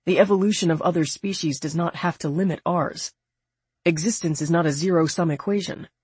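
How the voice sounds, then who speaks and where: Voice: mid-range voice, fairly quick, a little mellow, husky, dry recording. A narrator voicing a formal, earnest young man. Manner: precise and formal.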